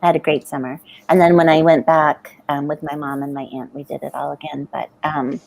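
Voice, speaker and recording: A woman's voice: deep voice, brisk, vocal fry, a little hiss or hum, rough recording. A middle-aged American woman co-hosting a writing livestream, chatting casually and telling stories with frequent laughter. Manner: chatty storyteller, laughs often, animated. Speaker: livestream co-host. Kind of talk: casual chat.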